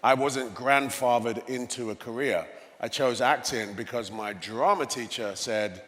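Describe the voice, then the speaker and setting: Man in his fifties with an English accent, a stage guest telling stories in an even middle register, recorded in a reverberant hall. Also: mid-range voice, unhurried. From England. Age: 50s. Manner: storytelling, tosses in "you know" often. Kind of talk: onstage conversation. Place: conference stage. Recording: long reverb of a large hall.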